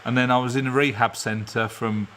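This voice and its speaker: A man chats casually to viewers from his garage during a live stream. His voice sits at an ordinary middle pitch, and he rambles from one point to the next with frequent laughs. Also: steady tone, normal speed, pushed and bright, a little hiss or hum. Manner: rambling, chatty, laughs often. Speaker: garage channel host. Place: home garage.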